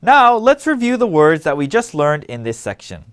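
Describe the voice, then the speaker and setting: A man leads a scripted language lesson with a slightly high voice that moves a lot in pitch. He explains each word clearly and patiently. He keeps asking listeners to read along and repeat after him. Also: big pitch swings, normal speed. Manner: clear, patient instructional delivery. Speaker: language teacher.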